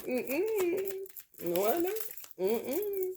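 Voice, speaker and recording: A woman's voice: on the low side, expressive, moderate pace, a little mellow, a little hiss or hum. A woman giving a casual tarot reading who talks bluntly and profanely, repeats her phrases and laughs often. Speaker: tarot reader.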